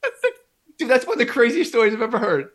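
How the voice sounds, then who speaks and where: A man hosting a casual podcast interview, asking quick questions and reacting eagerly with slang like "bro.". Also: extremely high pitch, huge pitch swings. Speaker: podcast host.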